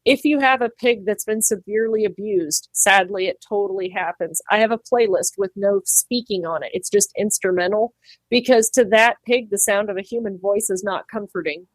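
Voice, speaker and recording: A woman's voice: mid-range voice, normal speed, no echo. Chatty woman pig trimmer, dry sound. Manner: animated, acts out quoted voices, laughs easily. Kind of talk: casual interview talk.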